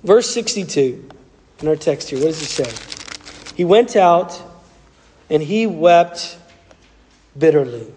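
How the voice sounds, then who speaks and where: A man's voice: fairly high pitch, expressive, takes it slowly, pauses often, a little mellow, long reverb tail. A man with a Southern US accent, preaching a sermon as a pastor in an earnest, conversational way.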